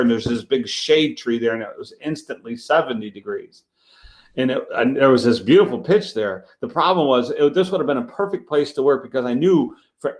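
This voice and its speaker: A man spinning a street-performing story with lively energy, slipping into the voices of the people in it. His voice sits in an ordinary middle register, and he talks in a loose, conversational way. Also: mid-range voice. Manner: animated storyteller acting out dialogue. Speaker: street magician guest. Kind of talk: storytelling in a casual interview.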